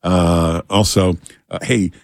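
Unhurried low-voiced radio host. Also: male voice, creaky, no echo. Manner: relaxed, unhurried, filler-heavy. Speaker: radio talk show guest host. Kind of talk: casual talk radio chat and live ad reads.

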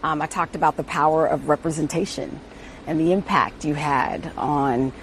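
Eager American woman interviewer, slightly low voice. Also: steady tone, a little hiss or hum. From United States. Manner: enthusiastic, quick with exclamations and laughter. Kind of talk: casual interview conversation.

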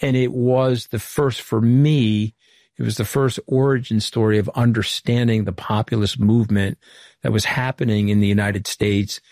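A man's voice: lowish voice, vocal fry, a little mellow, no room sound, studio quality. A middle-aged man from Long Island, New York, giving an earnest, anecdotal account in an interview as a former communications director. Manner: earnest, anecdotal, retells conversations at length. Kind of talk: candid interview storytelling.

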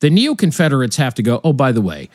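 A man hosting a political talk podcast, animated and opinionated, sounding tired, often restarting his sentences. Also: mid-range voice, fast talker, no echo, clean studio sound. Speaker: podcast host. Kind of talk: casual political talk show chat.

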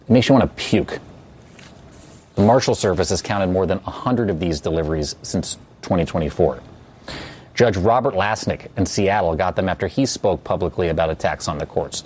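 A man's voice: deep voice, a little mellow, slight background noise. A man anchoring a TV news segment, delivering the story in an emphatic, indignant way into a studio microphone. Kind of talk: TV news commentary.

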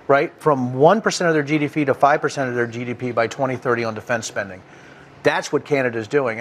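Male panel guest, rapid and forceful delivery, faint noise under the voice. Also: medium pitch. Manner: emphatic, personal, gets emotional. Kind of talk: political panel debate.

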